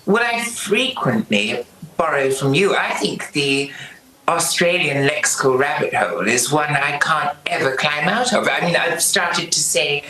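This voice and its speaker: A man's voice: fairly high pitch, lively intonation, a little slow, pushed and bright, reverberant, rough recording. A British man talking as a TV guest, theatrical and savouring ornate words. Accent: British English. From Britain. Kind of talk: TV interview, remote link.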